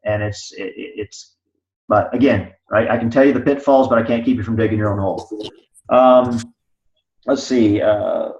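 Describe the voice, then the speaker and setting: A man's voice: fairly low pitch, normal speed, vocal fry, a little mellow, slight background noise. Man, team trainer, emphatic, keeps asking "right?", roomy echo, muffled sound. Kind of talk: live team training talk. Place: meeting room with a live audience. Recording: echoey room, dull lo-fi sound.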